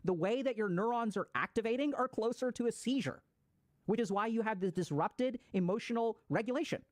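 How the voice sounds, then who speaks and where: A man's voice: sits high, a little mellow, no echo. A man giving a casual explanatory talk on mental health, swearing freely and acting out people's reactions.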